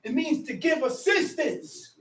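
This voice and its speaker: A man teaching scripture to a gathering with fiery passion, shouting, repeating phrases and prodding listeners with "huh?". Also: extremely high pitch, expressive, a little slow. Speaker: teacher at a religious assembly. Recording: echoey room, mic far off.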